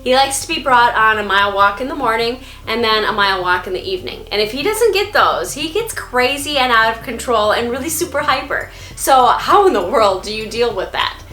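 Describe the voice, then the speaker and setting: A woman's voice: fairly high pitch, lively intonation, a little fast, few pauses, bright, forceful tone. A woman hosting a casual vlog from home, chatting upbeat about her dog. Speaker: vlog host and dog owner. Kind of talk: casual vlog narration to camera. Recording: echoey room, faint music.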